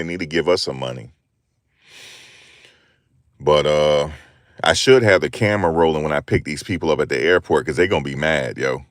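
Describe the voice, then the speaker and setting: Very deep-voiced man streaming casually. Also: no room sound, clean studio sound. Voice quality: laid-back, repetitive street slang. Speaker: livestreamer and rideshare driver. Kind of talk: casual live-stream chat.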